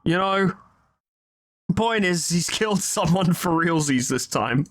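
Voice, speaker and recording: A man's voice: high voice, animated, slow, a bit bright, a little hiss or hum. A man giving casual, joking and sarcastic commentary while playing a video game. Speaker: let's play host. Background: game music.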